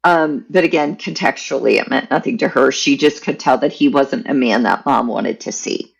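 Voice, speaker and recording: A woman guest on a podcast, telling a personal family story in a candid, animated way. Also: rumbling low, moderate pace, vocal fry, slightly rough, poor audio.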